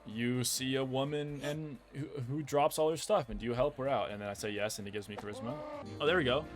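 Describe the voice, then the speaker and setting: A young man from the United States giving casual, excitable commentary over a game he is playing, often exasperated. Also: medium pitch, brisk. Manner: excitable, exasperated, says "bro" a lot. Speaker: gaming video creator. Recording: game music behind the voice.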